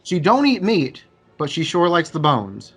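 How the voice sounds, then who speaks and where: A man's voice: fairly high pitch, sing-song, a little slow, fairly bright tone, breathy edge. A man co-hosting a casual movie review podcast, easygoing and hesitant, full of fillers. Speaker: podcast co-host. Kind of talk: casual movie review banter over beers.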